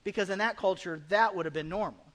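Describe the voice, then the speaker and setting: A pastor preaching a conversational sermon in a church, now and then acting out the people in the story. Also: male voice, high-pitched, fast, a bit bright. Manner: conversational preaching, acts out quoted voices. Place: church sanctuary.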